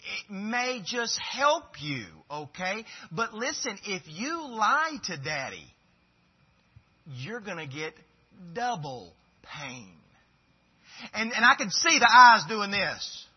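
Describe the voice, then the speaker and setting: A man's voice: sits high, big pitch swings, slow, slightly rough. A man preaching a sermon in a folksy, conversational way that swells into fervent exhortation. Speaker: pastor. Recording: dull lo-fi recording.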